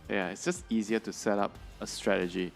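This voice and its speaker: Man, esports analyst, very low voice, gravelly, faint music behind. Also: fairly even intonation. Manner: measured, thinking aloud with fillers.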